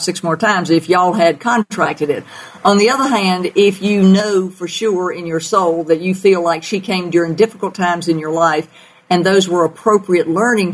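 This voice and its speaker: A woman's voice: fairly low pitch, poor audio. A woman with a Southern accent hosting a call-in radio show as a pet psychic, folksy and emphatic.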